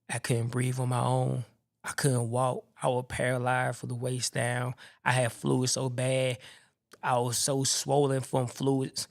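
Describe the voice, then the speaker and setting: A man shares his personal testimony as a podcast host. His voice carries a gravelly edge at a middle pitch. He tells it in an animated, expressive way and acts out the people in his story.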